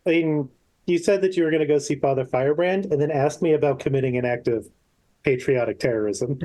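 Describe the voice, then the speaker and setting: Fairly high-voiced man playing a tabletop game. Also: brisk, warm tone. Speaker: player. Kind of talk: casual tabletop game chat.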